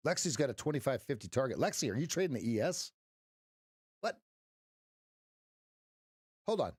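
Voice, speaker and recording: A middle-aged man hosting a trading livestream, joking with the chat and giving folksy pep talks. His voice sits at an ordinary pitch. The sound is dry and close, with no room echo. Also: very animated, moderate pace, long pauses, darkish tone, husky. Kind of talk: casual livestream chat with viewers.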